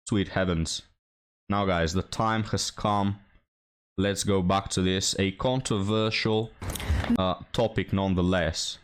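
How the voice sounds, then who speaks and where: A young man hosting a reaction commentary, sarcastic and mocking, talking straight to his viewers. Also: on the low side. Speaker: commentary host.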